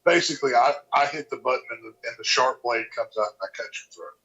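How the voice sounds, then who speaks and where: A man's voice: mid-range voice, fast, pushed and bright. A man hosting a casual podcast, teasing his guest with crude jokes and easy banter. The audio is dull and lo-fi, with the top end rolled off. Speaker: podcast host.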